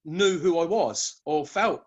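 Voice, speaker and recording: A man, a guest telling his story in a relaxed interview, often hesitating with fillers and restarts. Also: a little high, slow, breathy edge, dull audio. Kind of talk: conversational interview.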